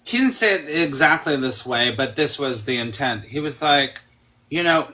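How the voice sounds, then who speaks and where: A man's voice: mid-range voice, lively intonation, normal speed, pushed and bright. A man talking as a guest in a casual conversation, emphatic, swearing freely and acting out quoted speech.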